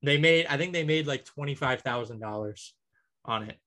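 At a moderate pace, a podcast co-host rambles through a lengthy list in casual conversation. His voice is mid-pitched, his pauses are packed with ums and uhs, and he chuckles at his own selections.

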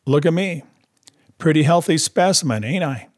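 A man reading aloud voices a slow, plain-spoken Klondike dog-musher with dry humor and a husky tone. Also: on the high side, expressive, voice pushed up.

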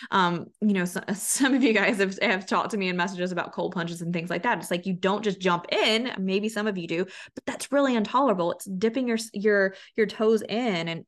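Earnest woman podcast host, coaching. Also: medium pitch. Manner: earnest, conversational, with frequent restarts and quoted inner voices. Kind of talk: solo podcast monologue.

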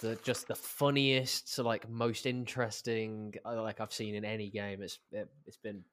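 A man, a podcast guest talking in a relaxed way with many fillers. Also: lowish voice, normal speed. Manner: laid-back, frequent fillers. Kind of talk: casual chat.

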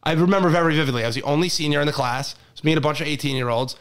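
A young man co-hosting a sports podcast, telling a story in a lively, laughing way with plenty of false starts. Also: on the high side, very fast, smooth. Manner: animated storytelling with laughs and restarts. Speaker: podcast co-host. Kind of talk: casual sports podcast banter.

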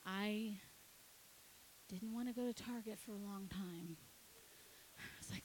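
A woman pastor preaching, telling a story with lively acted-out dialogue. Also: mid-range voice, slight background noise, poor audio. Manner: animated, acts out her kids and herself in quick dialogue. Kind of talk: sermon storytelling.

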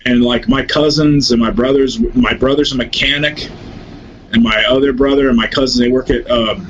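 A man's voice: medium pitch, moderate pace. Brief: American man, guest, rambling and cursing freely as he tells the story, dull lo-fi audio with faint hiss. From United States. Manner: animated, profane, rambling storyteller. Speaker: guest, pro wrestler and rapper. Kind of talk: casual storytelling.

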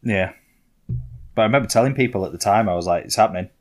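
Low-voiced young man. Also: fast talker, faint music behind. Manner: rambling, self-mocking, with frequent restarts. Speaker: podcast co-host. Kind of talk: casual storytelling chat.

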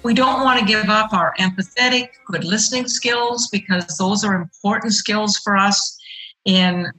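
A woman's voice: medium pitch, moderate pace, bright, forceful tone, faint music behind, low-quality recording. A middle-aged woman answering interview questions in an earnest, explanatory way, leaning on her key points. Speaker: guest.

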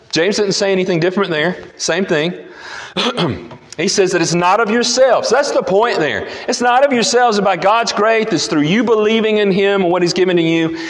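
Male pastor, emphatic sermon delivery with repeated key lines, slightly high voice, long hall reverb. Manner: emphatic, repeats key phrases, rises and falls in pitch.

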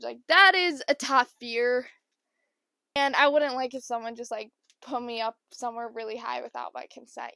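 A young woman hosting a podcast, telling a funny story in a casual, animated way and acting out the people she quotes. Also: high voice, no echo. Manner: animated, acts out quoted people with changed voices. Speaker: podcast host.

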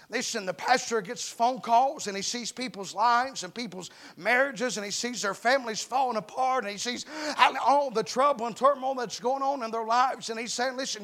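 High-voiced fervent male preacher. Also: normal speed, sharp tone. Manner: fervent, repeatedly calls for amens; plain-spoken, calls himself uneducated. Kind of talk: fervent revival sermon.

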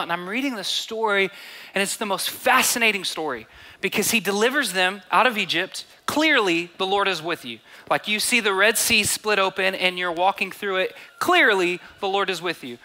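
A man's voice: high-pitched, brisk, bright, forceful tone. A young man preaching a sermon, reading scripture aloud and acting out quoted voices, repeating phrases for emphasis. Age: 20s to 30s. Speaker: pastor.

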